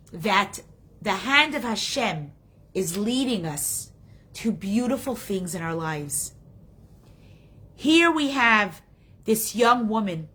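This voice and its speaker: A woman's voice: fairly high pitch, bright, forceful tone. A woman teaching a Torah class, telling a story in an earnest, emotional way. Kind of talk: storytelling lesson.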